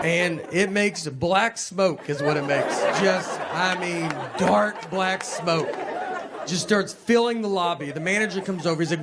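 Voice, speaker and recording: A man doing a stand-up comedy set, telling stories in a deadpan, low-key manner. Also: a little slow. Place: live venue with laughing audience. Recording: loud crowd laughter and noise.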